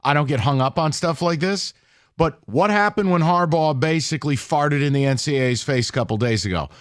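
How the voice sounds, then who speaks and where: A man's voice: fairly high pitch, brisk, dry recording. A man hosting sports talk radio in a studio, blunt and sarcastic, with emphatic jabs. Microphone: studio mic.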